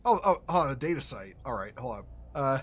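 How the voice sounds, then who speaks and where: A man giving casual, rambling commentary while playing a game, excitable and swearing, often restarting his sentences. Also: mid-range voice, brisk, breathy edge. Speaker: gaming streamer.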